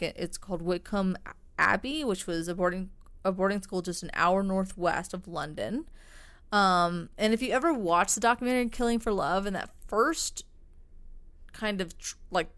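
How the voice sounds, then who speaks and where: A woman's voice: medium pitch, a bit bright. A woman co-hosting a podcast, telling a true-crime story in a loose, rambling way, full of "like" and "um" and casual swearing. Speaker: podcast co-host.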